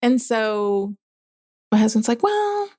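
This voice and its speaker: A woman's voice: medium pitch, normal speed, creaky, darkish tone, no echo, studio quality. A young woman, a mother, speaking candidly in casual conversation with many fillers. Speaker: guest.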